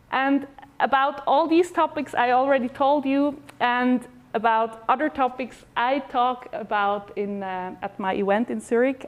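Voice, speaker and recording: Lively woman giving a stage talk. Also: fairly high pitch. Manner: lively, chatty, with fillers and restarts. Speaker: speaker at a talk event. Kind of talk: short presentation talk. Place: event hall.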